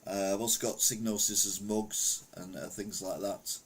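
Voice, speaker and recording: A man's voice: on the low side, steady tone, moderate pace, slight background noise. A middle-aged man from England chatting casually on a retro gaming live stream, rambling through old stories and reading chat aloud. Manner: rambling anecdotal storytelling, reads chat aloud.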